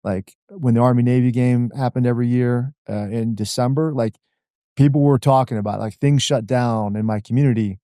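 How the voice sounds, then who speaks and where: A man in his forties from the Washington D.C. area talks through his past as a podcast guest, animated and casual, leaning on "man" and "like." His voice is warm and mellow. The sound is dry and close, with no room around it. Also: mid-range voice, brisk, no echo. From Washington D.C. area, USA. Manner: animated, uses "man" and "like" a lot. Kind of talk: conversational storytelling.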